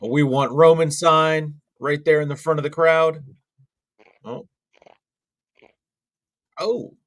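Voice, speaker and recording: A man's voice: a little high, fairly even intonation, slow pace. A young man co-hosting a wrestling watch-along stream, rambling through live commentary with many fillers and restarts.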